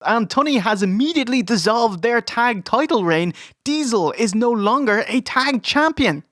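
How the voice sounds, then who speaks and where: Sweary podcast co-host. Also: male voice, extremely high pitch, expressive, fairly bright tone, no echo, studio quality. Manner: sweary, joking, quick laughs. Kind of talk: casual comedic review chat.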